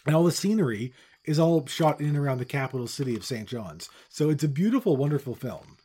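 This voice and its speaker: A middle-aged man from with its holds forth in loose podcast chat. His voice is dark and mellow, and he rants bluntly, swearing freely as he goes. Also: medium pitch, animated, fast talker, husky. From Newfoundland, Canada. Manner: blunt, profane ranting. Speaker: podcast co-host. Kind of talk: casual chat.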